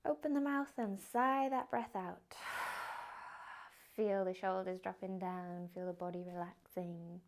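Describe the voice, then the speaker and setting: A young woman teaching a yoga class, giving calm, gently encouraging cues. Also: fairly low pitch, measured pace. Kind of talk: guided yoga instruction.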